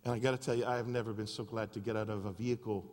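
Storytelling pastor in a reverberant hall. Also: male voice, lowish voice, racing. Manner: animated storytelling. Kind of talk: sermon. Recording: long reverb of a large hall.

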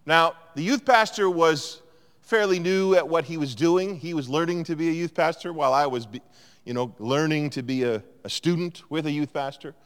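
Male pastor, lively storyteller, slightly high voice, long church-hall reverb. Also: moderate pace, smooth. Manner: animated storyteller, acts out quotes. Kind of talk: sermon.

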